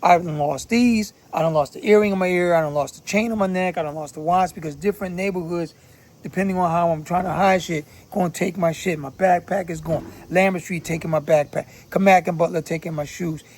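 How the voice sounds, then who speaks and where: High-voiced blunt man from Philadelphia. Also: steady tone, fairly quick, darkish tone. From Philadelphia, USA. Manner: blunt, profane street-talk storytelling. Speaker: channel host giving commentary. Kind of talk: casual spoken commentary.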